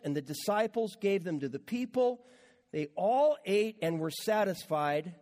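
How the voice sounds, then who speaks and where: A man's voice: high voice, darkish tone, in a large hall. A man preaching a conversational sermon as a pastor, with repeated words and casual asides to the congregation.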